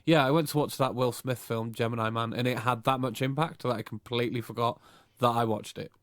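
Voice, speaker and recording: This podcast co-host has a mid-range voice with fairly even intonation and speaks a little fast. Recorded in clean studio sound with no echo, he chats casually, rambling in an easygoing way and correcting himself as he goes.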